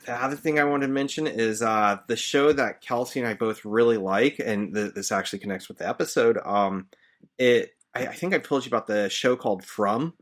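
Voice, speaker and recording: A man who works as a teacher, hosting a podcast in casual, chatty recap talk, easygoing and quick to chuckle. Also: mid-range voice, a bit bright. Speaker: podcast host.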